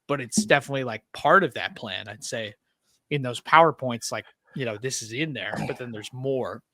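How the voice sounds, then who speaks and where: A man's voice: medium pitch, pushed and bright, no room sound, studio quality. A male podcast host chatting loosely about politics with a wry, filler-heavy delivery. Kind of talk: casual political chat.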